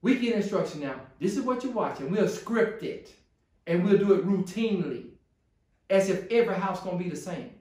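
A man's voice: sits high, expressive, fairly quick, darkish tone, distant mic. A man preaching a sermon as pastor to his congregation, building to pleading intensity. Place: church sanctuary. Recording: echoey church room.

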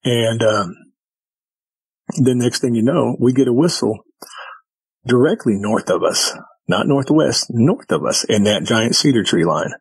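A man's voice: medium pitch, animated, measured pace, creaky, pauses often, husky, no echo, rough recording. A man, a guest, casually telling a story in vivid detail and acting out what people said. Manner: vivid retelling with quoted dialogue.

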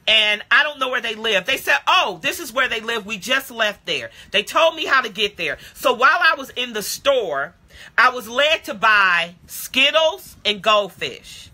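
A woman preacher telling a personal testimony in a sermon, dramatic and speaking straight to her listeners, sinking to a hushed tone at solemn moments. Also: on the high side. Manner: addresses listeners directly, calls them beloved. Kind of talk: sermon storytelling. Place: home, streamed live to social media.

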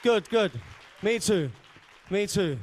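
A man's voice: high voice, lively intonation, slow pace, slight background noise. A man emceeing a live beatbox event on stage, chatty and joking as he hypes the crowd. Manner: hyping the crowd, chatty and jokey. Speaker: event host.

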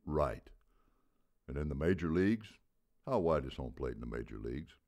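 A man with a very deep voice playing a gruff, blunt baseball coach in his seventies who barks out rhetorical questions. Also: very animated, normal speed, a little mellow, full character voice. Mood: barking. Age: 70s. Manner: barking, booming rhetorical questions.

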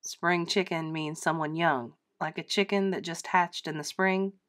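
A woman reading aloud, voicing a calm, gently teasing father in a storybook play, with her voice pitched lower. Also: a little slow. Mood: patient. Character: patient teasing middle-aged dad.

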